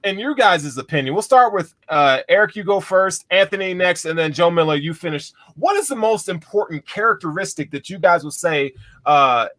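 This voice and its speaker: A man hosting a casual sports talk show, animated and joking with his panel. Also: high voice, normal speed. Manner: animated, joking, breaks into laughs. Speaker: host. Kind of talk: casual sports podcast chat.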